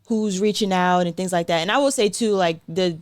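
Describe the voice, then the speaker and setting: A woman, a guest sprinter telling stories in a relaxed interview, animated and quick to slip into acted-out quotes. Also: lowish voice, no room sound. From South Carolina, USA. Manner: chatty, animated, acts out quotes, frequent "like" and light laughs. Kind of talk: casual interview storytelling.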